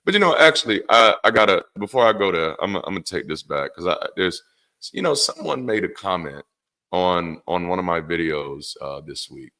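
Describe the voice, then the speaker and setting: Profane, animated man hosting a stream. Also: low voice, moderate pace. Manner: candid and profane, animated rants. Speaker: host. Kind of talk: casual livestream talk.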